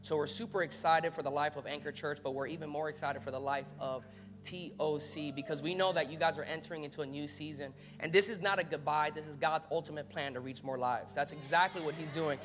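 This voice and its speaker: An energetic male pastor preaches a sermon, swinging from casual asides to loud, emphatic calls to his congregation. His voice carries a long reverb from the church hall, and faint music sits underneath. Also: on the high side, brisk. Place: church sanctuary.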